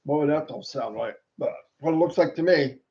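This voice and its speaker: A man hosting a live stream, greeting viewers one by one with playful, sing-song shout-outs and little rhymes. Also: a little high, normal speed. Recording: dull lo-fi stream audio.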